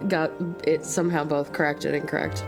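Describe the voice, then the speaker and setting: A woman streamer with a slight lisp chatting casually with viewers during a game stream, making quick apologetic asides. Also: deep voice, level tone. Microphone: desk mic near keyboard. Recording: stream with clear music behind.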